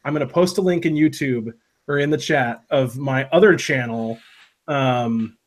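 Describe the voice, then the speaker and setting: A man's voice: medium pitch, unhurried. A man from Minnesota co-hosting a casual live stream, chatty and rambling with many restarts. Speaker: live stream co-host, vape reviewer.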